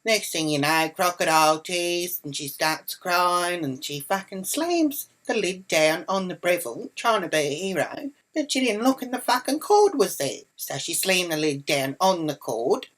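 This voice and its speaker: An Australian woman with a low voice tells a storytime vlog rant. She is brash and indignant, swears constantly, and slips into the voices of the people in her story. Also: expressive, moderate pace, poor audio. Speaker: vlogger. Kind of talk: ranting storytime monologue.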